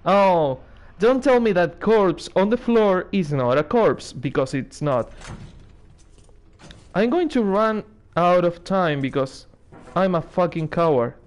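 Playing through a horror game, this male streamer keeps up a nervous, sarcastic let's-play commentary, cursing and laughing at the scares. He speaks slowly in a high-pitched voice with lively intonation.

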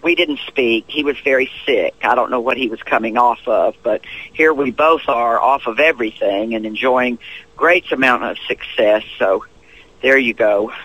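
A man's voice: medium pitch, moderate pace, breathy edge, lo-fi sound. A man in his fifties from Tennessee with a Southern accent, a guest in an interview, telling stories animatedly and acting out other people's voices. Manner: acts out quoted voices with lively swoops.

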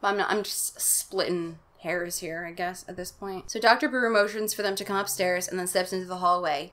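A woman's voice: on the low side, little pitch movement, fast, few pauses, fairly bright tone. A young woman hosting a comic reading of a children's horror book, mixing dramatic narration with sarcastic, irreverent asides and putting on exaggerated voices for the characters. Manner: sarcastic, irreverent commentary with profanity.

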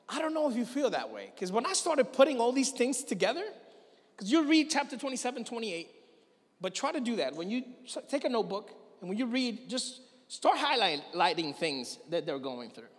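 A male pastor preaching a sermon, telling a story with animated delivery and acting out the voices of the people in it. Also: very high-pitched, brisk, long reverb tail. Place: church hall.

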